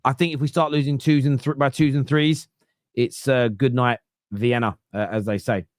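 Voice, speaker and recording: Blunt, sweary football host. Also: male voice, mid-range voice, fairly even intonation, normal speed, no room sound, clean studio sound. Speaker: podcast host. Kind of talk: casual football chat.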